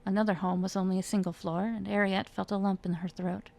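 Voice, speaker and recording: Reading a chapter from her own fantasy novel, a woman speaks a little fast in a mid-range, darkish voice with vocal fry and a flat delivery. When the characters talk, she raises her voice and gives their lines rising emotion in this dramatic fiction reading.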